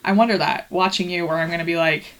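A woman's voice: fairly low pitch, steady tone, fast, poor audio. A woman talking candidly on a casual podcast, blunt and swearing freely. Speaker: podcast guest.

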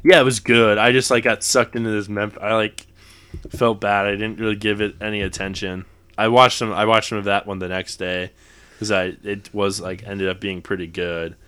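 A man's voice: on the low side, flat delivery, moderate pace, fairly bright tone, smooth. A young man co-hosting a podcast, chatting casually about basketball in a rambling way, laughing and correcting himself as he goes. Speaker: podcast co-host. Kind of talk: casual sports chat.

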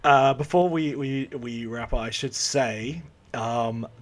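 A man co-hosting a casual review podcast, halting and laughing often. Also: medium pitch. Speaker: podcast co-host. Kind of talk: casual film review chat.

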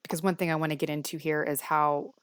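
A middle-aged woman hosting a podcast, telling a family story casually with lively quoted speech. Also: deep voice, fast talker, clean tone, dry recording. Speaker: podcast host.

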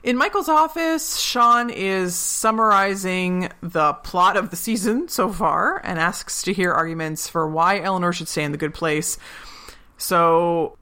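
A podcast co-host with a bright, forward, mid-pitched voice recaps a TV episode in loose, casual chat, unhurried and smooth. The host is chatty, laughs often, and acts out bits of quoted dialogue.

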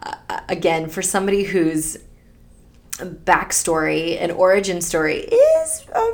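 Gravelly-voiced woman sharing tender faith story. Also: lowish voice, sing-song, unhurried. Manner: earnest, tender storytelling with soft laughs. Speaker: podcast co-host. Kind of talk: reflective faith podcast conversation.

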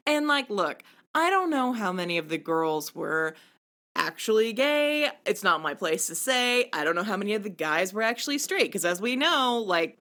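A woman co-hosts a relaxed conversation, recounting scenes with animated storytelling. Her voice is bright and forward, with an ordinary middle pitch. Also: moderate pace. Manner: animated storytelling, acting out quotes. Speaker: podcast co-host. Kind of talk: casual chat.

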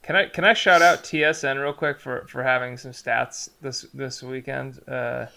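A man's voice: mid-range voice, steady tone, moderate pace, gravelly, bright, forceful tone, clean tone. A man co-hosting a casual sports podcast by call from abroad, rambling and correcting himself as he talks. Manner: rambling, self-correcting, laughs easily. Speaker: podcast co-host.

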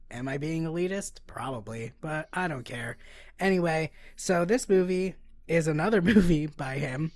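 A woman's voice: on the low side, darkish tone, no room sound. A woman co-hosting a podcast in casual chat, laughing often and rambling with many fillers as she reads out a plot summary. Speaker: podcast co-host.

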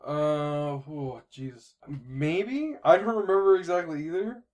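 A man's voice: a little high, a little slow, a little mellow. A man chatting casually about a movie, easygoing and vague in his memory. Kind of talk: casual chat.

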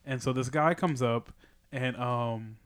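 A man's voice: medium pitch, takes it slowly, smooth. A young man, a stand-up comic, telling stories in casual chat and acting out the quotes. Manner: lively storyteller who acts out quotes. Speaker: stand-up comedian.

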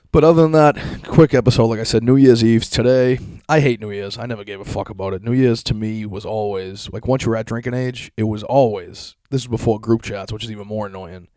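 A man's voice: on the low side, dark tone, no room sound, studio quality. A young adult man hosting a solo podcast, ranting in a profane, sarcastic, mocking way with frequent laughter. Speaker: podcast host.

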